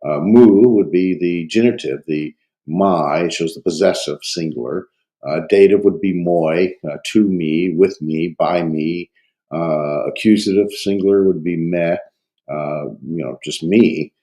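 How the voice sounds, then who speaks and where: A man with a cold teaching a Greek grammar review, talking haltingly with many fillers and thinking aloud. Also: deep voice, warm tone, poor audio. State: has a cold. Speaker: Greek instructor.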